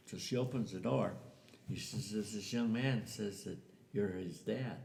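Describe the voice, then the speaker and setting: A man's voice: on the low side, a little slow, vocal fry, darkish tone. An older man telling a family story in a casual way, acting out the voices of the people in it. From US Southwest. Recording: echoey room.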